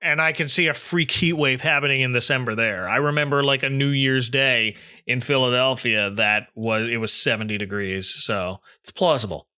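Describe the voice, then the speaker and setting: Brief: male podcast host from southern New Jersey, chatty recapper, bright, crisp tone. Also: mid-range voice, steady tone, moderate pace, hardly any pauses. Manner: chatty, recaps scenes and acts out quotes. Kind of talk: casual chat recapping a cartoon episode.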